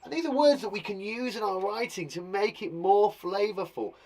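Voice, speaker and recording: A man's voice: high-pitched, moderate pace, darkish tone. A young British man teaching young children in an online lesson, playful and encouraging, acting out sound words with gasps and laughs. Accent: British English. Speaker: primary school teacher. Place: garden shed classroom.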